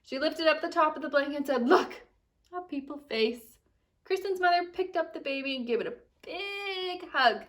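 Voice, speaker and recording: Young female teacher, lively read-aloud, lightly distant home recording. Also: high voice, brisk, hardly any pauses. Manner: animated storytelling with expressive character voices. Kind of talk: reading a picture book aloud to children.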